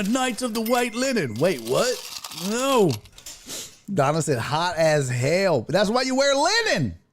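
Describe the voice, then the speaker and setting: A man hosting a casual sports talk livestream, telling stories with lots of swearing and reading viewer chat aloud into a desk mic. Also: medium pitch. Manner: profane, animated storytelling, reads chat aloud. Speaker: sports talk show host. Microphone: headphones and desk mic.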